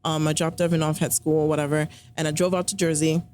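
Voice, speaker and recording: A woman with a fairly low voice telling a personal story on a podcast in easy, rambling chat. She fills her talk with likes and ums and acts out both sides of the conversations she recalls. A faint hum sits under the recording. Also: level tone, fast talker, darkish tone. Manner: chatty, many fillers, acts out quoted dialogue.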